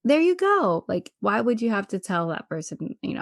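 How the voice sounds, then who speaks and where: Woman co-host, lively gossipy recap delivery, dry close sound. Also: mid-range voice, a little fast, no echo. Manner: animated, acts out quotes from the show. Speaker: podcast co-host. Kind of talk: casual reality-TV recap chat.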